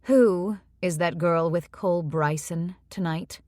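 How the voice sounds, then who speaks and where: A woman's voice: on the low side, slow pace, a little mellow, no echo, studio quality. A woman voicing a disapproving older society woman who asks pointed questions.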